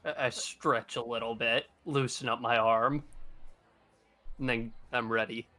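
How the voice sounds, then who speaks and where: Bright-voiced male player. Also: medium pitch, steady tone, measured pace. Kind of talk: playing a tabletop game.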